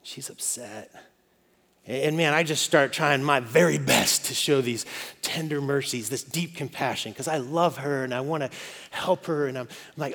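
A man's voice: on the high side, moderate pace, a bit bright. A man in his forties preaching a casual, joking sermon to mothers, checking in with the crowd often. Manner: conversational and joking, with frequent "okay?" and "right?". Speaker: pastor. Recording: long hall reverb.

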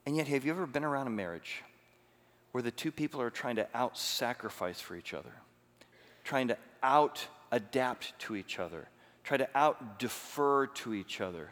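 A pastor gives an animated, conversational sermon and asks his listeners many questions. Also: medium pitch, normal speed. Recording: long reverb of a large hall.

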